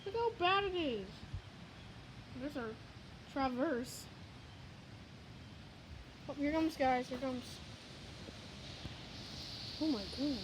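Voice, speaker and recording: Her voice high and expressive, a storm vlogger speaks slowly and pauses often as she films the windstorm on a handheld phone. She delivers breathless, exclamation-heavy live commentary outside a house and later a garage, against a noisy background.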